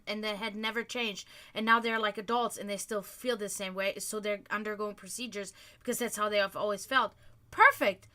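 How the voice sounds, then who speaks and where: A woman's voice: a little high, pushed and bright. A European woman hosting a livestream, ranting heatedly with lots of swearing in casual talk. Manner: profane, heated, fast ranting. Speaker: livestream host.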